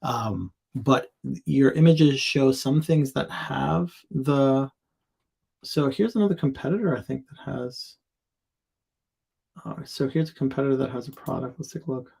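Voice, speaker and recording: Casual live-stream reviewer: a man with a gravelly, creaky edge, rambling and loose. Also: medium pitch, measured pace, darkish tone. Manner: loose and chatty, full of ums and likes, thinking aloud. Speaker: sales account executive reviewing seller listings.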